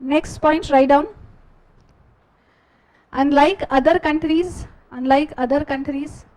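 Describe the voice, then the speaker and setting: An Indian English-accented woman teaches a class, dictating notes at a slow, steady pace. She repeats each phrase so students can copy it down. Her voice sits notably high. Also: low-quality recording.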